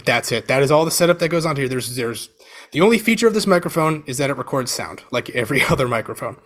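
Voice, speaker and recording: A man talking casually over a video call, explaining audio gear as a podcast guest, with a relaxed, filler-heavy manner. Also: medium pitch, fast. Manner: relaxed, chatty, lots of fillers like "you know" and "um". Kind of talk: casual explanatory chat, demonstrating microphones. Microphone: switching between webcam mic and USB condenser over a video call.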